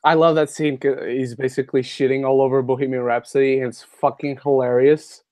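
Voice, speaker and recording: A young man co-hosting a casual movie podcast, relaxed and swearing freely. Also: mid-range voice, a little fast, no echo. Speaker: podcast co-host.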